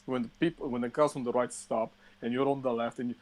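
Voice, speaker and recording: A man co-hosting a casual podcast, telling an animated, swear-filled rant. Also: medium pitch, fast. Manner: profane animated ranting storyteller. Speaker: podcast co-host.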